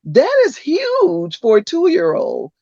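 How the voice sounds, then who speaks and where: Woman, 60s, podcast host and educator, expressive storyteller, lo-fi dull audio. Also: high-pitched, slow, no echo. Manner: animated storyteller, agreeable back-channel replies. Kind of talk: casual interview chat. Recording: dull lo-fi dry sound.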